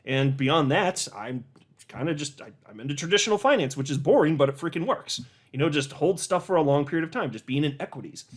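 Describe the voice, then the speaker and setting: A man giving casual, animated commentary as a hobby YouTuber, with sarcastic asides and little rants. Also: fairly high pitch, brisk. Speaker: crypto YouTuber.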